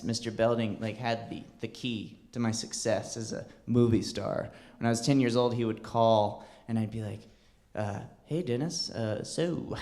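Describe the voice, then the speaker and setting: A male comedian tells a long story on stage at an ordinary middle pitch. His delivery is halting and rambling, with many restarts. He speaks into a stage mic. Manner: rambling, halting delivery with bursts into a high wailing child voice. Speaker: stand-up comedian. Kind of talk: stand-up storytelling.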